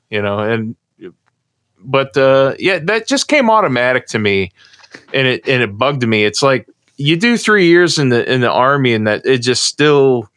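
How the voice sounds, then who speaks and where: Man from the US, middle-aged, rambling storyteller, smooth resonant voice, dry close sound. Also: mid-range voice, animated, moderate pace, a bit bright, no echo. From United States. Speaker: podcast co-host. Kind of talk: casual chat.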